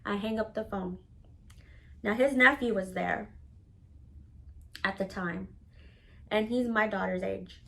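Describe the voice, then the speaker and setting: A woman telling a personal story to camera in a casual, candid, profane manner, animated and dramatic. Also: mid-range voice, takes it slowly, gravelly, pauses often, low-quality recording. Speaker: storytelling vlogger.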